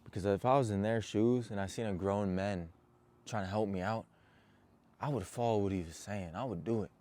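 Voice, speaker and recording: With a lowish voice and dark tone, this young coach delivers a personal motivational message straight to his audience, earnest and intense throughout.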